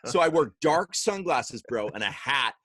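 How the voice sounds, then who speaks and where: A young Canadian man telling stories as a podcast guest, energetic and acting out quoted voices. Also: medium pitch, normal speed, husky, dry recording. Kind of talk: animated storytelling.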